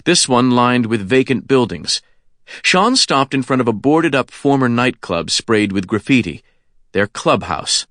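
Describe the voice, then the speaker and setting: A man's voice: on the low side, dry recording. Male audiobook narrator, dry close sound. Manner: steady, measured storytelling.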